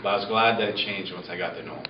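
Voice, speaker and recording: A man's voice: low voice, steady tone, rapid-fire. A man, once a student and now on staff, telling a dry, teasing story in a farewell tribute. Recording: echoey, distant, dull lo-fi with noise.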